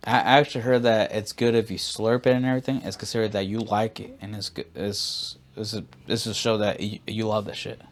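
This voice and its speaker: A man's voice: on the low side, little pitch movement, fairly quick, hardly any pauses. A man co-hosting a podcast, telling long rambling stories in casual, profane chat. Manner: profane, rambling storytelling with many fillers. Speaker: podcast co-host.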